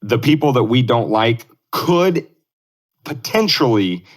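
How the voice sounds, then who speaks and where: A man's voice: mid-range voice, animated, takes it slowly. A man co-hosting a casual political podcast, rambling through his points, laughing often and swearing loosely. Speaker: podcast co-host.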